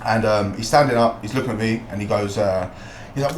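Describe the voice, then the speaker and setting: Animated British man telling a fight story. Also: mid-range voice, quick pace, slight background noise. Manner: swears freely, acts out quotes. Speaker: podcast guest, fighter. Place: podcast studio. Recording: roomy echo.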